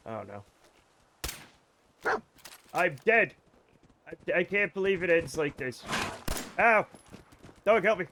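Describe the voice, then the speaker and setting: A man chats loosely with his live viewers while he plays a video game. His voice sits a little higher than most men's, and he rambles, jokes and swears without a second thought. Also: sing-song, slow pace, long pauses, very noisy. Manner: rambling, joking, swears freely. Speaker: streamer. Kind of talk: casual let's-play chat with viewers.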